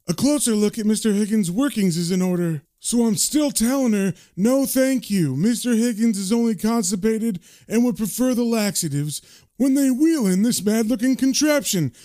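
A man's voice: high voice, voice pushed up. A man doing a cheeky, crude old patient. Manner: raised, lively, crude storytelling.

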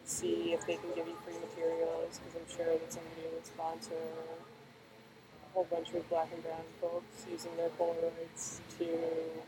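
A young woman chatting casually, rambling and filling her talk with pauses and fillers. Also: low voice, monotone. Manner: rambling, filler-heavy storytelling. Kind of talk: casual chat. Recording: noisy background.

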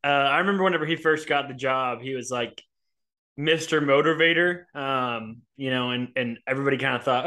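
A man hosts a casual sports podcast with a bright, ringing tone. He rants in a jokey, exasperated way, speaking into a studio podcast microphone. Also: medium pitch, a little fast. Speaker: podcast host.

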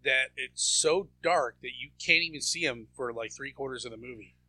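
A man's voice: medium pitch, normal speed, sharp tone, dry recording. A man co-hosting a casual podcast, telling crude, mocking stories. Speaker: podcast co-host. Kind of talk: casual chat.

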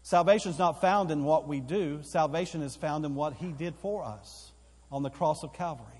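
A man's voice: a little high, normal speed, darkish tone, breathy edge. A man preaching a sermon as pastor in a church auditorium, with emphatic repetition that builds in force. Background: live congregation hall.

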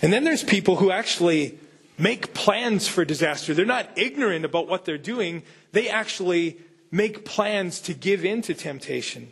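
A man's voice: high voice, lively intonation, normal speed, creaky, fairly bright tone, breathy edge. A man pastor giving a conversational sermon, full of rhetorical questions and casual asides.

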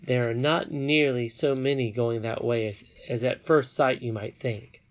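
A man reading an audiobook, voicing a wise, gentle old princess in a solemn, measured way. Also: mid-range voice, steady tone, dull audio, lightly acted.

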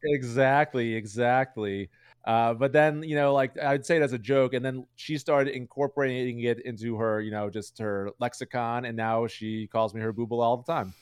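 A man's voice: medium pitch, fairly even intonation, normal speed, clean tone, no echo, studio quality. A man talking as a streamer guest in a casual interview, rambling with lots of "like" and "you know" fillers.

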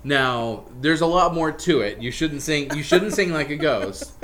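A man's voice: a little high, expressive, noisy background. Joking man explaining singing. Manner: joking, explains with quick asides. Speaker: comedian teaching barbershop singing. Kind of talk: casual group chat.

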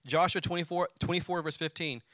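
A man's voice: a little high, a little fast, dry recording. A man preaching a sermon, telling a personal story and calling on the congregation to answer back. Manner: animated, calls on the congregation to respond.

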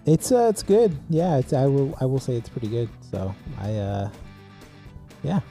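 A man's voice: medium pitch, normal speed, soft background music. A young man casually telling a rambling story on a podcast, full of "like" and "dude". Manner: rambling, animated storyteller with many "like"s. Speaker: podcast co-host.

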